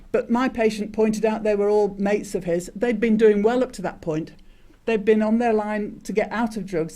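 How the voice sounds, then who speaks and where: An older man, a retired doctor, giving a conference talk and telling a story, halting with many restarts and fillers. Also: sits high, warm tone. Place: conference hall.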